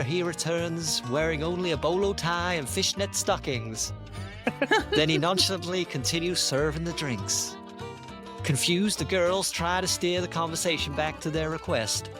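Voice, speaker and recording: A man on a comedy podcast panel, telling an absurd story in a deadpan way. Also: fairly high pitch. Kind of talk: comic storytelling.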